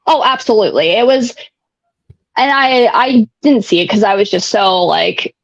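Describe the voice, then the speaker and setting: A woman's voice: mid-range voice, lively intonation, normal speed, gravelly, dry recording. A young woman telling her own story in a casual, candid way, rambling with many fillers and some blunt swearing. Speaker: guest sharing recovery story. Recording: dull, dry lo-fi sound.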